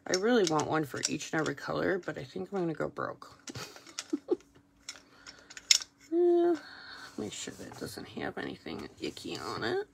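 A woman's voice: deep voice, wildly swooping pitch, fast talker, vocal fry, few pauses, noisy background. A woman demonstrating a stamping craft project, chatting casually and a little self-deprecatingly as she works at her craft table. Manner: chatty, self-deprecating, thinking aloud while working. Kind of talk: casual how-to commentary while crafting.

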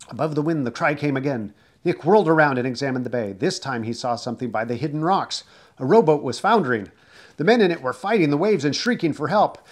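A man reading a children's book aloud, expressive and dramatic, shouting out the characters' cries. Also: mid-range voice. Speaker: storyteller.

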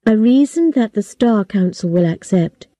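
A woman reading a story aloud slowly and clearly for English learners. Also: medium pitch, dry recording, studio quality. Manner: slow, clear, even storytelling. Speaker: story reader. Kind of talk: slow scripted narration for English learners.

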